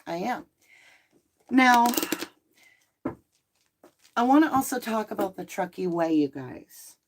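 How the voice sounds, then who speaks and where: A woman's voice: fairly low pitch, noisy background. Chatty woman with a Southern-Northern American accent. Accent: mixed Southern and Northern American. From Southern United States. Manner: chatty and animated, laughing easily. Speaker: live stream host. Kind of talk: casual live chat reading viewer comments.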